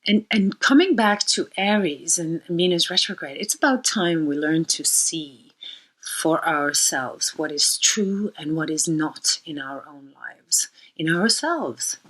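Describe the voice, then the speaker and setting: A woman astrologer tells a myth and muses on its meaning, rambling and reflective, with occasional breathy near-whispers. Her voice is husky and sits on the low side for a woman. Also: expressive, measured pace, fairly bright tone, low-quality recording. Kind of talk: storytelling talk on myth and astrology.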